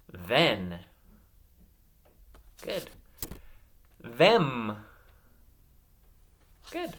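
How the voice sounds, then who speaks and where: A man teaching a phonics lesson to young children, saying words slowly and praising each answer. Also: mid-range voice, a little hiss or hum. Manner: slow, drawn-out words with bright praise.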